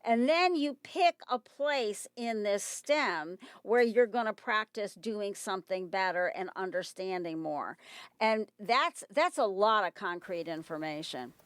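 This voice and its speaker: A woman's voice: medium pitch, lively intonation, unhurried, a bit bright, clear, resonant tone, no room sound. A woman hosting an interview, asking questions and reflecting thoughtfully on the answers. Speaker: podcast host. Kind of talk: interview conversation.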